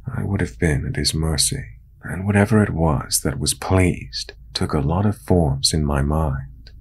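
A man narrating a true horror story in a calm, measured storytelling manner. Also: sits low, gravelly, a little hiss or hum.

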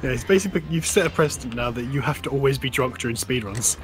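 A man's voice: medium pitch, lively intonation, fast, music in the background. A man commentating on a speedrun race, trading dry, teasing remarks with the runners. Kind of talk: casual commentary.

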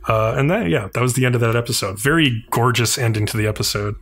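A man retelling a cartoon episode on a podcast in a relaxed, rambling way. His voice sits at an ordinary middle pitch, and he leans on filler words as he goes. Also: quick pace, slightly rough. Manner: loose, filler-heavy storytelling with many "like"s. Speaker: podcast co-host. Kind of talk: casual chat, recapping an anime episode.

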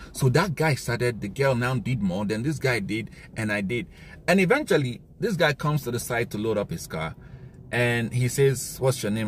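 A man with a Nigerian accent speaking in an impassioned monologue, emphatic and given to indignant outbursts, his voice worn and hoarse. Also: mid-range voice, a little hiss or hum. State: losing his voice. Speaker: commentator.

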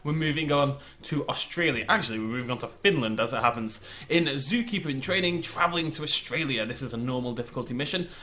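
A man's voice: medium pitch, lively intonation, quick pace, few pauses, bright, forceful tone. A man with a northwest English accent hosting a let's play, chatting and exclaiming to himself as he plays. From northwest England. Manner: chatty, exclaiming, talks to himself while playing. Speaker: gaming channel host.

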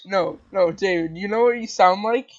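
A man's voice: high-pitched, normal speed, muffled recording. A man teasing his friend while gaming, with sudden playful yelps. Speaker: gamer co-host. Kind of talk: casual gaming chat.

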